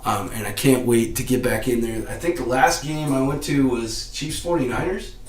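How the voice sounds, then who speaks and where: Excitable man chatting on a podcast stream. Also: medium pitch, normal speed, soft background music. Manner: excitable, laughing, slangy. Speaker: podcast host. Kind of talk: casual live-stream sports chat. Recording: roomy echo.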